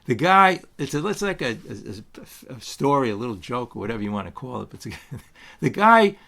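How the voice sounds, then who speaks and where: A man's voice: medium pitch, big pitch swings, moderate pace, creaky, pushed and bright. Rambling man giving a spiritual recovery talk. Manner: rambling, many restarts and asides; tells stories with acted quotes. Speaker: twelve-step meeting speaker.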